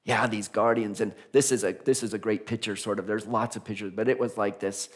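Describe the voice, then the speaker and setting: A man minister preaching a conversational Sunday sermon, animated and laughing as he acts out the voices of figures in his stories. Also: on the low side, a little fast. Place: church sanctuary.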